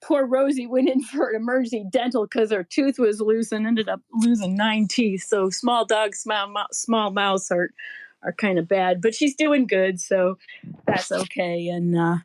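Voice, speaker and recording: A woman's voice: medium pitch, unhurried, no room sound. A woman chatting casually on a live pet show, effusive and laughing as she talks. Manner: warm, gushing, laughs while talking. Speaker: podcast co-host.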